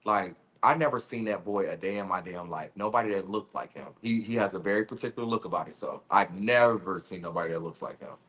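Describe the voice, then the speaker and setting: A man with a low voice talks as an interview guest. He is blunt and candid, drops slang and laughs often while he tells his side. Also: quick pace, hardly any pauses, a bit bright. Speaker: reality show cast member, guest. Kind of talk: casual interview chat.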